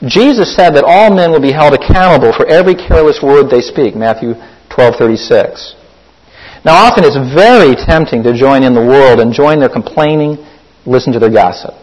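A man's voice: mid-range voice, animated, moderate pace, darkish tone, poor audio. A man preaching an earnest sermon as a pastor, urging his listeners to act on their faith. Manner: earnest, exhorting the congregation.

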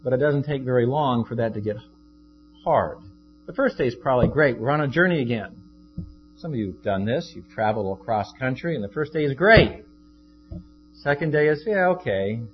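A man's voice: mid-range voice, lively intonation, fairly quick. Conversational male pastor preaching. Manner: conversational, shifts into acted quotes. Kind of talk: sermon. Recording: dull lo-fi with faint guitar.

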